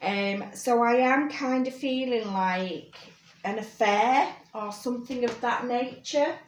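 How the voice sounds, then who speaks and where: A woman giving a personal tarot reading, talking gently and reassuringly with many fillers and check-ins. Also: a little high, takes it slowly, roomy sound, a little hiss or hum. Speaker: tarot reader.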